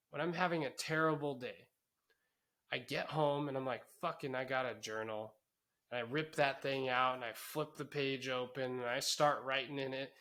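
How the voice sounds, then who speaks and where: A man's voice: mid-range voice, pushed and bright. A man co-hosting a podcast, speaking candidly and reflectively in casual chat, with some swearing. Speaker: podcast co-host.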